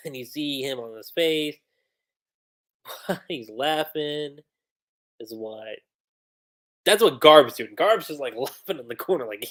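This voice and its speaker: A woman streamer reviewing a comic in casual livestream chat, talking in an animated, slangy way and laughing often. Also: rumbling low, takes it slowly, long pauses.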